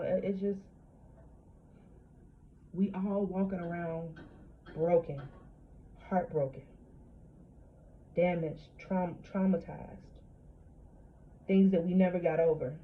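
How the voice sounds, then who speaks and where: A woman's voice: lowish voice, measured pace, long pauses. A woman in her late thirties talking candidly and bluntly about trauma, swearing freely and often restarting her phrases. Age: late 30s. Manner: frank, profane, repeats and restarts phrases. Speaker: vlogger. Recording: dull lo-fi audio with steady hum.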